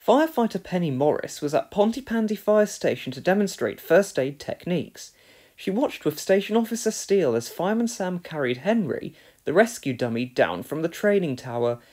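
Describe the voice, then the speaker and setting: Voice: medium pitch, moderate pace. A reader narrating a children's storybook aloud and voicing every character. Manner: expressive, reads every character in a different voice.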